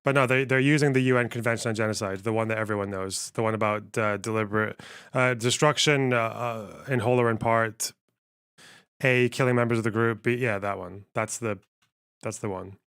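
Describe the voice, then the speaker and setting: Chatty low-voiced man with a mild Scottish accent. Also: fairly even intonation, a little fast, fairly bright tone, clear, resonant tone. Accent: mild Scottish, softened. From Scotland. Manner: chatty, swears often, thinks aloud. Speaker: streamer. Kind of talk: casual live-stream commentary.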